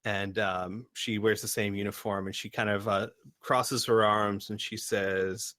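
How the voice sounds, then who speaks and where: A man narrates a tabletop game, wandering through his descriptions with lots of fillers. His voice is low, and the recording is dry and close. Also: little pitch movement, measured pace, hardly any pauses, a bit bright, no echo. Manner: rambling, many fillers. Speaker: game master.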